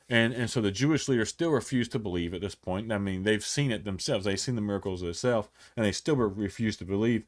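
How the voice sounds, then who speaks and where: Low-voiced man teaching a casual Bible study. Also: fairly quick. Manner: conversational, retells scripture in everyday speech with acted quotes; frequent restarts and fillers. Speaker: pastor.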